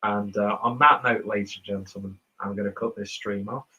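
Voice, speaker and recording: Husky posh-sounding English man rambling. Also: lowish voice, steady tone, normal speed, sharp tone, highs cut off. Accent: posh southern English. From northern England. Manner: rambling, self-mocking, chatty. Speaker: beer reviewer streaming host. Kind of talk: casual livestream chat, reading out viewer comments.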